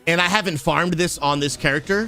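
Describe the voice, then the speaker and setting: A man, a pastor who streams games, chatting live with his viewers and calling them bro, bursting into shouts and laughter. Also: a little high, a little fast. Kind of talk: live gaming stream chat.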